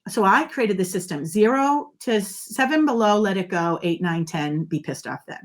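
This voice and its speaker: A middle-aged woman guest on an interview show, explaining ideas and telling stories in a lively, emphatic way. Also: mid-range voice, normal speed. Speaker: guest, body language expert. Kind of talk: conversational interview.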